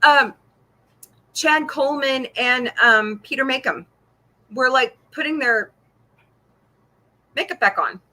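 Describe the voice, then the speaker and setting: Middle-aged lady chatting on her stream, bright voice, laughs a lot, rambles along. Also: high-pitched, slow, pauses often. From Missouri. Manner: chatty, laughs often, reads viewer comments. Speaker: podcast host. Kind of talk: casual livestream chat.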